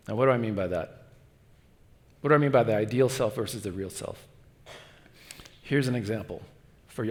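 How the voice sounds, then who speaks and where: A middle-aged man preaches in a church, his mid-range voice carried by a long reverb that hangs in the room. He tells personal stories with energy, then drops to a quiet, pleading hush. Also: mid-range voice. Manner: storytelling, shifts to hushed pleading tones. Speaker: guest preacher. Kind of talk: sermon.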